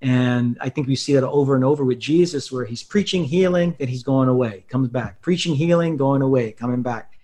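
Male pastor-author, measured, reflective interview guest. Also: mid-range voice, dark tone. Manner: measured, thoughtful, with fillers.

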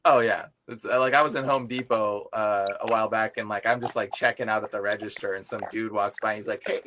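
A young man chatting casually on a podcast as a deliverance minister, telling animated stories full of filler words. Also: lowish voice, quick pace, few pauses. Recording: noisy live recording with clicks.

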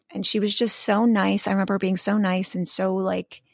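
Gravelly-voiced woman chatting on a podcast. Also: medium pitch, flat delivery, moderate pace, darkish tone, no echo, clean studio sound. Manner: chatty, rambling, with many restarts and fillers. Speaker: podcast co-host. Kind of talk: casual podcast chat.

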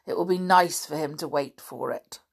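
A woman voicing a suave, scheming middle-aged male smuggler who talks softly and smoothly. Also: deep voice, moderate pace.

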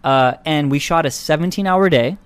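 A young man with a slightly high voice tells a story in casual chat. He is animated and laughs often, and he acts out the people in his story. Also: moderate pace, clear, resonant tone. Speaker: guest filmmaker.

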